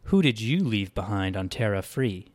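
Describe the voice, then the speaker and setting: A man voicing a calm, unmoved synthetic man who answers in measured, formal sentences. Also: fairly low pitch.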